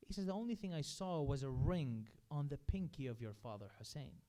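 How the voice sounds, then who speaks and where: High, clear-voiced man preaching. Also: lively intonation, fairly quick, warm tone. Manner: earnest, recounts stories with quoted speech. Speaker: majlis speaker. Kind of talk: sermon storytelling. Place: religious center hall.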